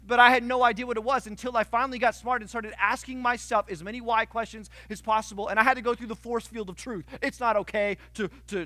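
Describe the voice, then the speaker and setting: A male pastor preaching a sermon, telling stories with sudden loud outbursts and hushed asides. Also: sits high, no room sound.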